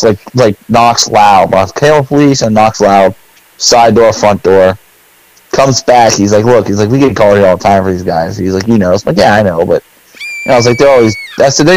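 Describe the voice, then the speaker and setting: A middle-aged man tells a rambling story on a podcast, his pitch jumping up whenever he acts out what he said. The voice sits in a medium register. The recording is close and dry, with no room sound. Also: no room sound, poor audio. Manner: animated storyteller, acts out his own lines; rambling with many fillers. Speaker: podcast co-host. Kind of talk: casual storytelling chat.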